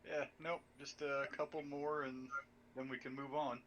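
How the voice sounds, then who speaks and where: A man's voice: medium pitch, level tone, moderate pace, fairly bright tone, rough recording. A man playing a tabletop game in casual chat, eager and enthusiastic about his character, heard over an online voice call. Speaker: player.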